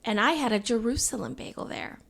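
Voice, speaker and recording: A bubbly woman co-hosting a podcast, chatting through a travel recap. Her voice sits a little high. She is playful and keeps trading lines with her partner. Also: lively intonation, fairly quick, gravelly, a bit bright. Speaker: podcast co-host. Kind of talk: casual travel recap chat.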